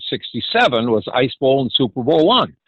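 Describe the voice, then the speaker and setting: A man's voice: medium pitch, big pitch swings, no room sound, phone-quality sound. A man in his eighties telling an anecdote, with frequent hesitations and acted-out dialogue. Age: 80s. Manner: halting, many hesitations, acts out dialogue. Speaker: ranch founder telling his story. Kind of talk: storytelling anecdote.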